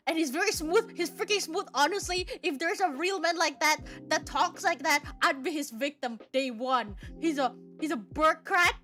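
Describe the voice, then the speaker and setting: A young woman with a high, bright voice gushes excitedly to her viewers, stumbling over repeated words and swearing freely. Faint music plays behind her. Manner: gushing, breathless, swears a lot, repeats herself, bursts of laughter and shrieks. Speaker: streamer. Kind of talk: excited casual chat to viewers.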